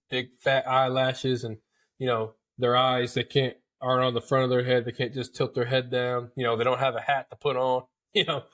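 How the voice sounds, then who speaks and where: A man's voice: mid-range voice, fairly bright tone. Guy rambling through a story on his podcast, folksy, mid voice. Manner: chatty, folksy, repeats words and calls listeners dude. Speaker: podcast host. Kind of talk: casual storytelling.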